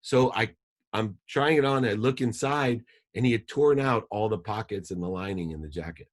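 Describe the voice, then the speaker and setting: Low-voiced man telling his story fast. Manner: fast, emphatic, repeats phrases for effect. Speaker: podcast guest. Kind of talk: personal storytelling in an interview.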